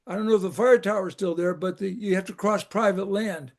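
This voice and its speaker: High-voiced older man telling camp stories. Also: brisk, a little mellow. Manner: rambling anecdotes with frequent restarts and laughs. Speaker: guest, former camp rec director. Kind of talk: casual storytelling chat.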